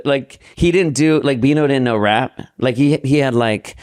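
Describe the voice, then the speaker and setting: A man guest on a podcast rambles through a story, cursing freely and acting out what people said. His voice is smooth and resonant, with a dry, close sound. He chats casually at a middle pitch. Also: normal speed, darkish tone, dry recording. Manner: rambling, profane, acts out dialogue.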